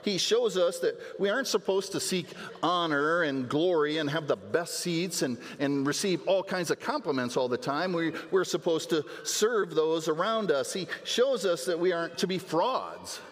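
A man delivering a sermon as pastor, in a voice pitched somewhat high for a man. He talks earnestly and often doubles a word as he restarts a phrase. His voice rings with the long reverb of a large church hall. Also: expressive, normal speed, hardly any pauses, a bit bright. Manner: earnest preaching with repeated words and restarts. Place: church sanctuary.

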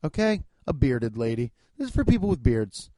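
A man's voice: medium pitch, big pitch swings, normal speed, warm tone, no echo. A man hosting a comedy podcast, reading sponsor ads in profane, over-the-top hype. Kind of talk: comedic ad reads.

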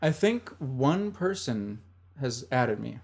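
A man's voice: medium pitch, very animated, slow, gravelly, slightly rough. A man with a stuffed-up nose co-hosting a casual beer tasting, rambling and playful. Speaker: co-host of a beer tasting show.

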